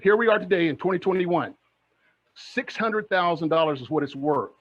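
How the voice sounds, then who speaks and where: Man, middle-aged, high-pitched, energetic, motivational speaker, rhetorical questions, slightly muffled lo-fi sound. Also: normal speed. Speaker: real estate investing speaker. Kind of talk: motivational online presentation.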